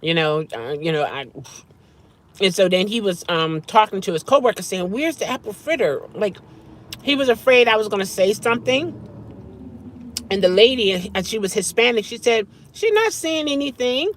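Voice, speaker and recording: A woman of medium pitch and moderate pace, with long pauses, chats casually while eating in her car. The vlogger and rideshare driver hums as she savors her food.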